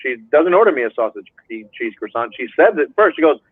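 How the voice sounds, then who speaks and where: A man's voice: medium pitch, very animated, fast, husky, no room sound. A man hosting a casual live-stream chat who tells joking stories and calls people "bro". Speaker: host. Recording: tinny phone-like line, dry.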